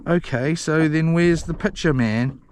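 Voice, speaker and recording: High-pitched man, rambling live-stream fishing chat, scattered and excitable, outdoors on an action camera. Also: unhurried, a little hiss or hum. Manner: excitable and scattered, with frequent restarts and mild cursing. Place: outdoors on a small fishing boat in the rain.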